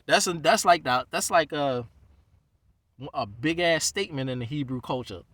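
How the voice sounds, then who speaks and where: A man's voice: a little high, normal speed, a bit bright, no echo, distant mic. A man who is a rabbi, venting in a heated, profane monologue. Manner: heated, ranting, heavy swearing.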